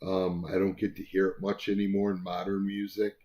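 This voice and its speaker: A man's voice: low-pitched, monotone, brisk, mellow. A man co-hosting a casual album review chat, talking in a rambling way with many fillers and restarts.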